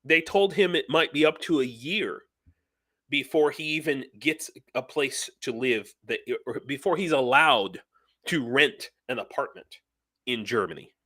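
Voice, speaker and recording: Man, middle-aged, stream host, bright forceful tone, rambling animated delivery, lots of fillers. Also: mid-range voice, measured pace. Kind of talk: casual live-stream commentary.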